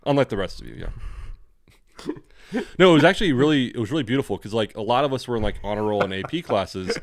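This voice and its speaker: A man's voice: medium pitch, quick pace, no room sound. Californian man, dry close sound. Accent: General American. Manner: relaxed and profane, loose and rambling. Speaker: podcast co-host. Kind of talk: casual chat.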